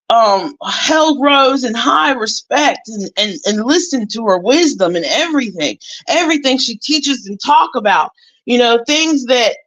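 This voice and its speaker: Woman YouTube commentator, casual storyteller, slightly high voice, emphatic and repetitive. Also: a bit bright, dull audio. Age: adult with a son.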